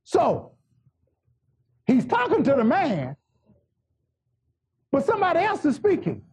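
A male preacher giving a fervent sermon, shouting and joking with the congregation. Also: very high voice, huge pitch swings, slow.

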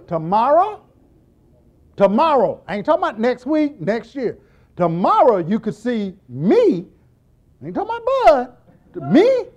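This middle-aged deacon's voice is very high-pitched and a little slow, broken by long pauses, and the recording sounds muffled. His Bible teaching is humorous and lively, with scenes acted out in quoted voices, jokes, and laughter.

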